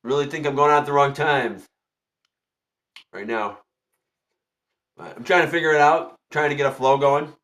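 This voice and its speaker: Chatty high-voiced man hosting a livestream. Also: normal speed, pauses often, fairly bright tone. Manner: repetitive, chatty, greets viewers by name. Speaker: tarot reader hosting a livestream. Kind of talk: casual livestream chat.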